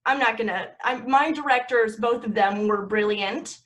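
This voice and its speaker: Young actress guest, chatty and self-mocking, a higher-pitched woman's voice. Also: normal speed, fairly bright tone. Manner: rambling, laughing, self-mocking. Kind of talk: casual podcast chat.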